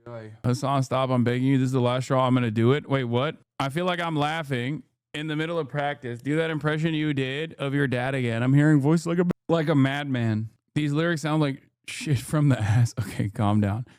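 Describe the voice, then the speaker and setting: A man's voice: medium pitch, steady tone, fairly quick, a little mellow, smooth, no echo. Sarcastic man streaming with a dry sound. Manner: sarcastic, joking. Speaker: streamer host. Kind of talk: casual reaction stream.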